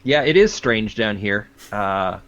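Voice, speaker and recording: A man from Vancouver, Canada, a guest chatting in a relaxed, playful way. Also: lowish voice, slow pace, muffled recording. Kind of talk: casual interview chat.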